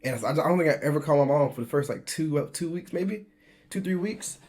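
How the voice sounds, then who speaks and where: Fairly high-pitched and expressive, this American man in his twenties talks quickly with a darkish tone. He's telling his own story in a casual vlog, chatty, laughing frequently and restarting lines.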